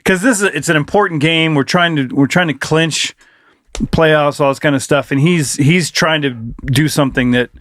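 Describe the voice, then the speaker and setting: A man in his forties with a slightly high voice tells a long story on a podcast, swearing freely and getting carried away. The sound is close and dry, with no room around it. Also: normal speed, dry recording. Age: 40s. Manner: profane, excitable storyteller who bursts into shouted reenactments. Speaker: podcast co-host. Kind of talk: casual storytelling chat.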